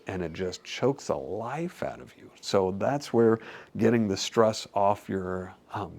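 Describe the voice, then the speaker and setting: A middle-aged man, a chiropractor, giving a casual health talk to patients, animated and acting out quotes with laughs. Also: lowish voice, vocal fry.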